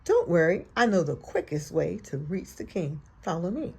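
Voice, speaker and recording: A woman voicing a sly, smooth-talking male fox in a storybook, speaking low and soft. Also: lively intonation, normal speed.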